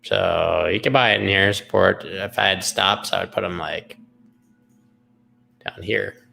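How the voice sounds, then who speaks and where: A man with a deep, gravelly voice running a casual live stream about market charts. He wanders into sarcastic tangents, swears now and then, and chats back to his viewers. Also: a little slow, bright, forceful tone, a little hiss or hum. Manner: rambling and sarcastic, goes off on tangents, swears, talks to chat.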